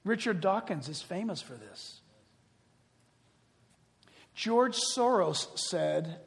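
A man preaching a sermon in an animated storytelling manner, often laughing as he talks. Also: sits high, slow, creaky, pauses often. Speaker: pastor. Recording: long hall reverb.

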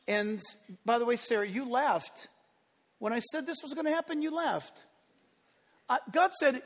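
A man preaching a sermon, telling the story with lively acted-out voices and building to impassioned peaks. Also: very high-pitched, a little slow, pauses often, long reverb tail. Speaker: pastor.

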